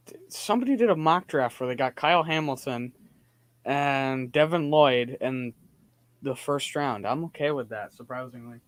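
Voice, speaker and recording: A man's voice: mid-range voice, lively intonation, normal speed, no echo. A man hosting a casual sports stream, laughing easily and reacting to plays as they happen. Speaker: stream host.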